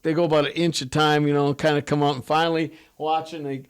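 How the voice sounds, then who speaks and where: A man telling a story from his work as a pilot in a casual interview, animated and acting out what others said. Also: fairly high pitch, quick pace, clear, resonant tone. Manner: animated, acts out quotes of others.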